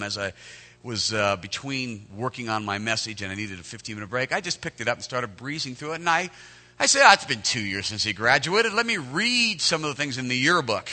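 A man in his forties preaching a sermon as pastor, earnest and conversational, swelling loud on key lines and dropping soft between. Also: mid-range voice.

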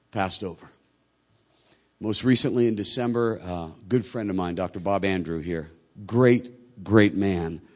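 A man preaching a sermon. His delivery is conversational and swings between hushed, slow passages and louder, quicker ones. He brings in quoted people with lively voices of their own. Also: lowish voice. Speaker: pastor.

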